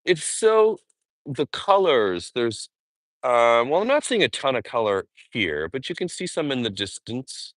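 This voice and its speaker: A man's voice: mid-range voice, big pitch swings, measured pace, fairly bright tone, no room sound. A man chatting casually on a live walking vlog outdoors in a park, rambling with fond asides. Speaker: vlogger.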